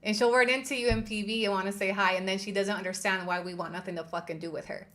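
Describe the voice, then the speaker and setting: A woman's voice: medium pitch, steady tone, fast, fairly bright tone. A woman hosting a livestream commentary, indignant and heated, swearing and repeating her points for emphasis. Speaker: host.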